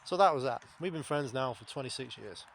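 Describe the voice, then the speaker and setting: A man's voice: medium pitch, animated, fairly quick, creaky, slight background noise. A man, talking to camera in a blunt, rambling, sweary monologue. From England. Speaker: vlogger. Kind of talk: casual spoken monologue.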